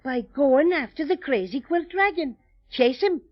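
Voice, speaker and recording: A man's voice: very high-pitched, lively intonation, a little slow. An actor playing a small, friendly male teddy bear with an Irish accent in an old radio drama, with a lilting, cheery way of talking. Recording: dull old radio recording.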